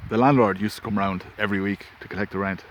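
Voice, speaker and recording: Low-voiced man telling a rambling story. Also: steady tone, fast. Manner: rambling anecdotal, self-interrupting. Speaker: vlogger. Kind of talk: casual storytelling. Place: outdoors in wind. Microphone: phone. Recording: faint wind and ambience.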